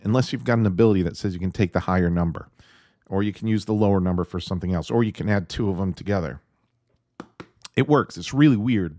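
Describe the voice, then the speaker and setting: A man's voice: lowish voice, a little mellow, no room sound, studio quality. A man giving an enthusiastic, rambling video review at home, with many fillers. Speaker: tabletop game reviewer. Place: at home with his dog nearby.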